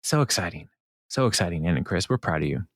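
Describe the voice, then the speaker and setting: A man's voice: low-pitched, expressive, quick pace, a bit bright, no room sound. Man casually recapping a show, very dry sound. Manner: rambling, filler-heavy, laughs often. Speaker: podcast co-host.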